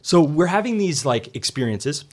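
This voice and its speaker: Guy in his thirties telling a story, animated, acts out what people said, casual interview. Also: a little high, normal speed. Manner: animated, quotes others in voices. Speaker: restaurant co-owner, former finance worker.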